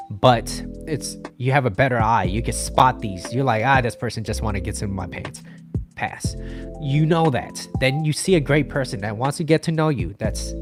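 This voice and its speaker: Male dating-advice host, mid pitch, loose rambling delivery, music bed underneath. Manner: rambling, repeats himself, checks in with "okay?". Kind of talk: casual advice monologue.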